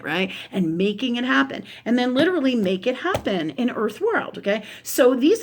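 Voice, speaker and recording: A woman hosting a casual live spirituality talk, rambling and emphatic, with frequent swearing. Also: a little high. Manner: restarts and fillers.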